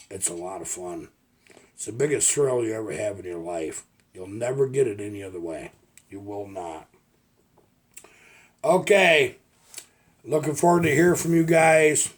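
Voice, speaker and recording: Husky older man telling logging stories. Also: on the low side. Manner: rambling folksy storytelling with restarts. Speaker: retired logger vlogger. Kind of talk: casual storytelling vlog.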